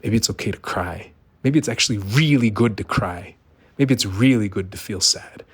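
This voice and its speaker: A man's voice: fairly low pitch, moderate pace, husky. A middle-aged man giving an earnest, emphatic monologue, asking rhetorical questions. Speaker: vlogger. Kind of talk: personal monologue.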